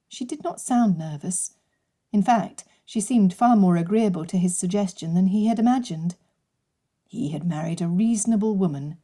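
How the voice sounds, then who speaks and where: A woman narrating an unabridged audiobook in a measured, even storytelling manner. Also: medium pitch. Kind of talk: scripted narration.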